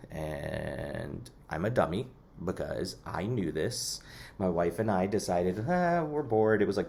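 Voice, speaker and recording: A man lecturing to a class in a conversational way, with lots of fillers and personal asides. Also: low voice.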